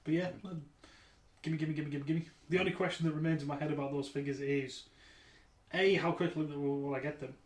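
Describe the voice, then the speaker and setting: A man's voice: fairly high pitch, steady tone, a little fast, far from the mic. A man co-hosting a podcast, chatting casually with laughing, swearing banter. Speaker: podcast co-host. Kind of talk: casual chat. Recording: echoey room with faint noise.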